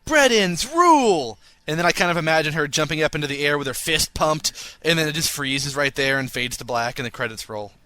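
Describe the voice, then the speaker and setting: Playful bright-voiced male podcast host. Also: fairly high pitch, steady tone, fast talker, hardly any pauses, smooth, no echo. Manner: playful, reads listener emails with mock drama. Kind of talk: casual comedic chat.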